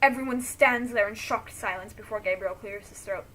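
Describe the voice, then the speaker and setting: A woman's voice: medium pitch, normal speed, a bit bright, a little hiss or hum. A woman reading a friend's story aloud, breaking off to react emotionally.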